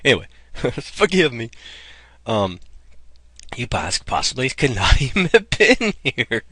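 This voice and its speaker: A man's voice: mid-range voice, very animated, a little slow, pushed and bright, husky, dry recording. A man talking in a rambling, casual vlog, calling his viewers "guys" and "man". He is getting over a cold and coughs. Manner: chatty, keeps saying "guys" and "man". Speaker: vlogger promoting an online income program. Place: outdoors.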